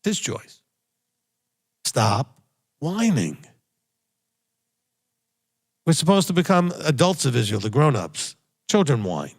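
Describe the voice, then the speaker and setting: Blunt, animated preaching man. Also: mid-range voice, slow, pauses often. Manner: blunt, emphatic exhortation, repeats key phrases. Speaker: rabbi. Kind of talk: recorded sermon teaching.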